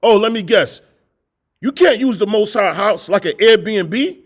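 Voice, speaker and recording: A man's voice: high voice, expressive, a little slow. A middle-aged man preaching a confrontational sermon, scolding his listeners with repeated rhetorical questions and blunt, profane language. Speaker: street preacher.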